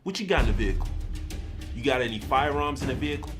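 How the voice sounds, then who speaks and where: A man plays a cop in a comedy skit who teases and mocks playfully. His pitch swings about a lot, and faint music sits behind him. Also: animated, natural voice. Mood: teasing. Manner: mocking, playful, drawn-out teasing. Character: young man playing a cashier and a teasing cop.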